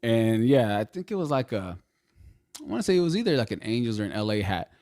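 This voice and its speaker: Young male co-host, lively pitch, swearing casual storyteller. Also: fast. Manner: profane storytelling, animated, laughs often. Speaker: podcast co-host. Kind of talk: casual chat.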